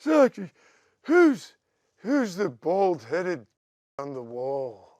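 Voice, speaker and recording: A shrieking bewildered old rocker. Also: male voice, huge pitch swings, very slow, dry recording, heavily acted. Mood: baffled yelling. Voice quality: high strained yelp, rising to shouts. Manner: bewildered, exclaiming. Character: older male rock singer, baffled and shouting.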